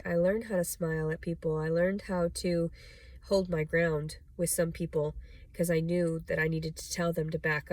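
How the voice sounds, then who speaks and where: A woman's voice: on the low side, darkish tone, no echo. A young adult woman vlogging in a rambling personal monologue, blunt and profane, full of "like" and "you know".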